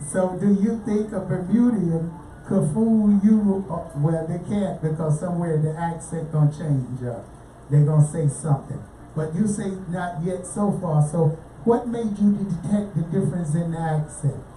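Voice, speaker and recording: A woman hosts a casual radio show, chatting with guests, asking questions and drifting into pitches for donations. Her voice is dark and moderately paced, picked up by a distant mic in a roomy space with faint noise.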